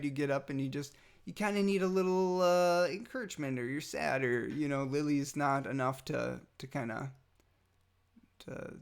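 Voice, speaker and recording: With a clear, resonant, medium-pitched voice, a father gives a heartfelt message to his toddler son. He's tender and halting, pausing often, using fillers, and sometimes dropping nearly to a whisper.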